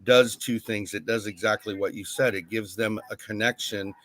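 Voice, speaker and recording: A man's voice: fairly low pitch, fairly even intonation, moderate pace, a bit bright. A man hosting a casual group chat, earnestly organizing plans and thinking aloud as he talks. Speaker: channel host leading a group call.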